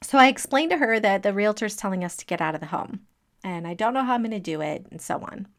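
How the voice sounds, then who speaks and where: A middle-aged woman telling a personal story as a motivational talk, lively and laughing as she acts out what people said. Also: mid-range voice, fast talker. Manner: animated, acting out quoted speech, laughing between lines.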